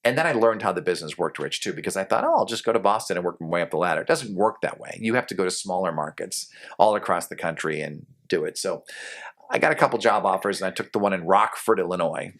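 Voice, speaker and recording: Man, middle-aged, very low voice, from New England, faint regional accent, relaxed rambling storyteller, podcast interview guest. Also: fast talker. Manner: rambling, many fillers and restarts. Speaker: guest, television news anchor.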